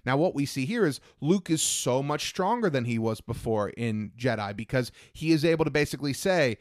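A man's voice: medium pitch, expressive, fairly quick, no echo, studio quality. A young man chatting as a podcast co-host, enthusiastic and acting out quoted lines. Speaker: podcast co-host discussing films. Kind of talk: casual chat.

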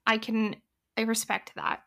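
A woman's voice: on the high side, level tone, unhurried, vocal fry, a bit bright. A woman hosting a casual film-review podcast, chatty and enthusiastic as she shares her opinions. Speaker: podcast host.

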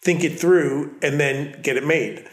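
A man's voice: fairly high pitch, steady tone, measured pace. Middle-aged man with a Long Island accent, artist guest who rambles and self-corrects, recorded in an echoey room. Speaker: artist and curator, interview guest. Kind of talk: casual interview conversation. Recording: roomy echo.

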